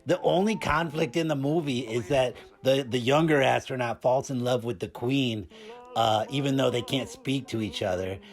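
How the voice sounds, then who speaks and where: A man voices a cheeky, randy puppet film critic in a medium pitch at a moderate pace, lightly acted and bemused. His comedic review wanders and stumbles, with filler words throughout.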